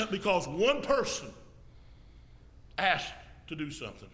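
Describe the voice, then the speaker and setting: A man preaching as an evangelist in a folksy style, now and then rising to a shout and coughing. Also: sits high, sing-song, takes it slowly. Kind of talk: sermon.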